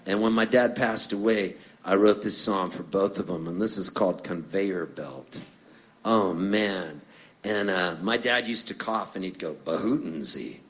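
A man's voice: deep voice, measured pace, a bit bright. A middle-aged man from Canada, a singer-songwriter telling stories between songs on stage, chatty and jokey, acting out the voices of people in his tales. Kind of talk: storytelling stage banter.

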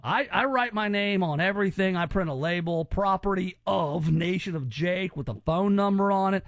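A man's voice: high voice, moderate pace, no echo. A man hosting a radio show, teasing callers in casual, rambling banter.

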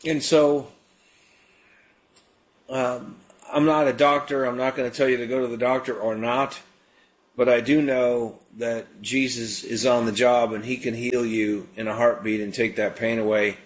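On a live call-in prayer show, a man with a mid-range voice and measured pace hosts a radio ministry, praying for callers. He prays and preaches in a relaxed, conversational manner, using lots of fillers.

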